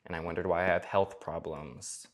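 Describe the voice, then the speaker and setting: A man's voice: low-pitched, fairly even intonation, normal speed, noisy background. A man hosting a comedic cooking vlog in his home kitchen, sarcastic and profane, with theatrical asides. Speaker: cooking vlogger. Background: faint music.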